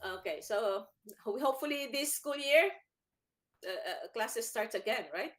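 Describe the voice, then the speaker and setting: A woman hosting a church children's program, encouraging and quick to laugh, with frequent restarts. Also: a little high, expressive, a bit bright. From United States. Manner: speaks haltingly, restarting words. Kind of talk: casual teaching chat over a call.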